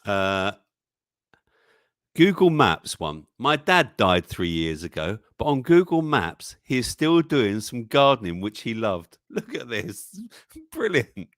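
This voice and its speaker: In a clean studio recording with no echo, a man hosts a casual live-stream news show. His mid-range voice is sing-song, slow, and fairly bright as he chats, reads memes aloud, chuckles often, and exclaims over what he shows.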